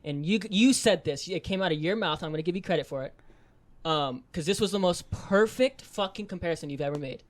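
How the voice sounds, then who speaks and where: Fast-talking young man in casual podcast chat. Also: a little high. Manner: fast, swearing, animated storytelling. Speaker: podcast co-host.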